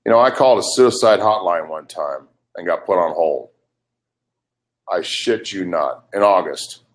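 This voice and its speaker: A man's voice: sits low, measured pace. An older man in a heated live webcast argument, ranting in an agitated, profane way. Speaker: livestream participant.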